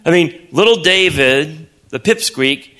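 A male preacher delivering a storytelling sermon with a bright, forceful voice. He talks in an animated way, often repeating words as he builds momentum. He slips in and out of character voices. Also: on the high side, a little slow.

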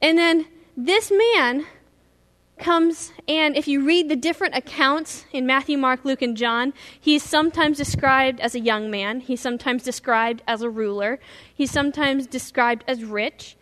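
A woman pastor preaching a sermon, retelling a story in a lively storytelling way. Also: high-pitched, unhurried. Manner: animated storytelling, acting out scenes.

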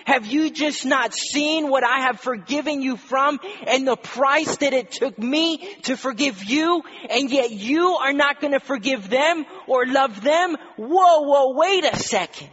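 A preacher putting on an incredulous master, high and loud. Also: male voice, animated, a little slow, hardly any pauses, exaggerated voice. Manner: rising, exclaiming, incredulous. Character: indignant master, a man, startled by ingratitude. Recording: dull recording in a reverberant hall.

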